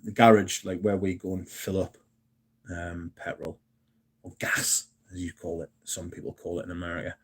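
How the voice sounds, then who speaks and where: Guy in his 30s, lowish mellow voice, rambling sweary chat with his stream. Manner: rambling and profane, answers chat questions. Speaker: livestream host. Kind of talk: casual chat with viewers.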